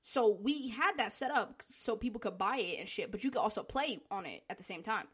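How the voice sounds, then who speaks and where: Animated, profane young woman telling stories. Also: fairly high pitch, a little fast, husky. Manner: animated, profane, laughing storyteller. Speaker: store worker telling work stories. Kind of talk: casual storytime monologue.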